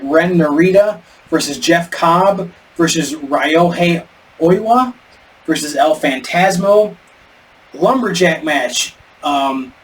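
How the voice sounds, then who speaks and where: A man co-hosting a podcast in casual chat, rambling and stumbling over names. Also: a little high. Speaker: podcast co-host. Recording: distant mic with faint background noise.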